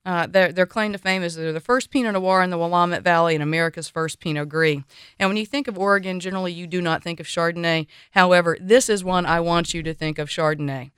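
A woman's voice: on the low side, fairly even intonation, quick pace, a bit bright, clear, resonant tone, no room sound, studio quality. A woman hosting a radio wine show, chatty and opinionated, giving enthusiastic recommendations.

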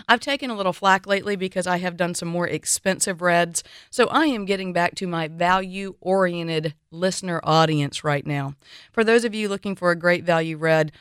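A woman hosts a radio wine show in a chatty, opinionated way. Her voice is smooth and clear. The sound is dry and close. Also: on the low side, a bit bright, no echo. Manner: chatty, opinionated, enthusiastic recommending.

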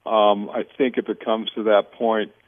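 A middle-aged man, a guest on a radio interview, chatting in a relaxed way and telling lively stories, acting out the lines of other people. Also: on the low side, unhurried, dry recording. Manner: storytelling, animated, quotes others in dialogue; many fillers and restarts. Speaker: winery owner, guest. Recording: tinny phone-line radio audio.

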